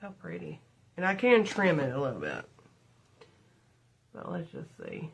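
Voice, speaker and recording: A middle-aged livestream host tells rambling stories while putting on makeup, chatting and addressing viewers as "y'all." Her low voice swoops wildly in pitch, keeps a measured pace, and has a creaky, breathy edge.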